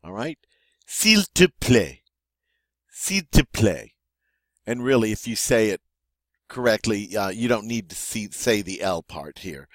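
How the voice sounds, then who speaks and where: Male teacher, lowish voice, slow and animated, dry close sound. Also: no room sound. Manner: slow, repeats each word twice. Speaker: French teacher. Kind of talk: vocabulary lesson.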